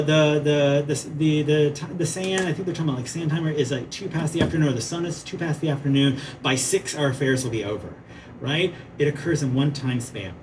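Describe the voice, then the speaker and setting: A man teaching playwriting in a conference talk, lively and chatty, often checking in with "right?". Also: fairly high pitch, far from the mic, slight background noise. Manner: animated, asks "right?" often, chatty asides. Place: museum theater at a conference.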